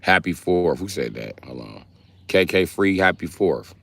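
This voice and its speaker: A man from the Milwaukee area doing a comedic livestream rant, profane and animated as he tells stories. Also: sits low, unhurried, creaky. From Milwaukee area, United States.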